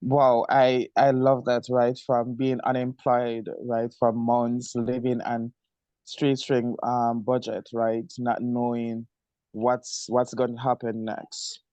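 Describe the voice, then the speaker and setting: A man's voice: medium pitch, monotone, slow pace, dark tone, dry recording. A man hosting a podcast, encouraging his guest and summing up his points. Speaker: podcast host. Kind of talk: interview podcast conversation.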